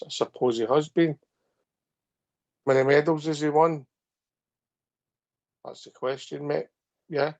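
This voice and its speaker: A man's voice: a little high, a little mellow. A Scottish man hosting a fan phone-in, talking bluntly in short punchy sentences with "mate" at every turn. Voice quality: gravelly. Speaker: host of a fan phone-in show. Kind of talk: casual chat. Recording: muffled lo-fi audio.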